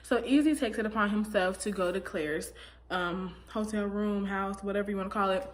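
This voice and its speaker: This is a woman in a casual recap, talking freely and voicing her opinions. She leans on fillers and slips into quick impressions of the people she describes. A faint background noise sits under her voice. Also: steady tone. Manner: chatty, opinionated, acts out quotes with big pitch jumps. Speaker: recap commentator.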